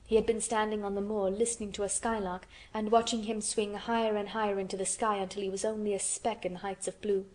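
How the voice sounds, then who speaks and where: Audiobook narrator, woman, mid pitch, steady measured reading. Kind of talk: scripted narration.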